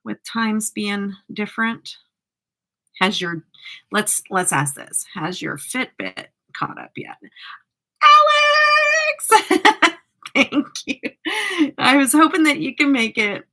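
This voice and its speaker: A woman's voice: mid-range voice, big pitch swings, unhurried, bright, forceful tone. A woman chatting casually with live viewers as a makeup vlogger, teasing and laughing often.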